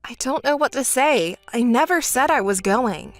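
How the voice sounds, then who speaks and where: A woman's voice: high-pitched, expressive, normal speed, no echo, faint music behind. A woman doing a dry, sarcastic level-headed sister. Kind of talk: texting story voice-over.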